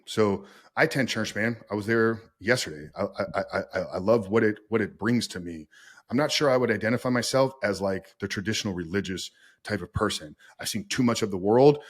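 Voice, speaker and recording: Earnest low-voiced man telling his story. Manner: earnest, says "man" often, repeats words when starting thoughts. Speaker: podcast guest, recovery coach. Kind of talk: candid personal storytelling.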